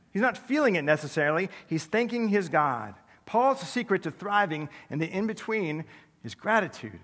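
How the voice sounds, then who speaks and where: A man preaching a sermon as pastor, conversational and self-deprecating, with quick humorous asides. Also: a little high, a bit bright, big-room sound. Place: large church sanctuary.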